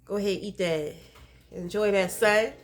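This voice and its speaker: A woman's voice: medium pitch, fairly even intonation, normal speed, soft background music. A woman vlogging casually, venting with frustration and swearing freely while sick and nursing her throat.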